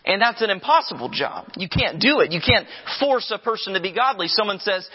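A man's voice: high-pitched, sing-song, brisk, few pauses, breathy edge. A man preaching a sermon, emphatic and repetitive, telling vivid stories to make his point. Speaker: pastor. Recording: dull sound with long reverb.

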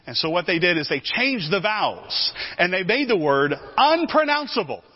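Lively male preacher, teaching sermon, slightly high voice, dull lo-fi sound. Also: moderate pace. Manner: animated, repeats words while teaching.

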